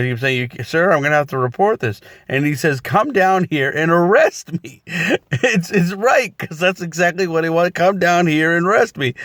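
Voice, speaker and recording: A man's voice: no echo, studio quality. A man casually talking through his thoughts on a movie series, rambling with many fillers and restarts. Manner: acts out quoted lines in a higher voice. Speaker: movie reviewer. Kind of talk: casual spoken review.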